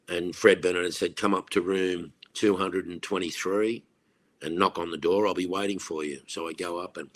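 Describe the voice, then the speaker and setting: An Australian man in his sixties, a former cricketer, telling lively anecdotes in a podcast interview and acting out the voices of the people he quotes. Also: low-pitched.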